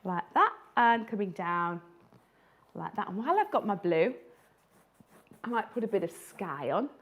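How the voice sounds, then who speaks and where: Lively woman illustrator running a drawing class. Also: medium pitch, normal speed. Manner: chatty and playful, laughs often. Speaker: children's book illustrator. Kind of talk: live drawing tutorial.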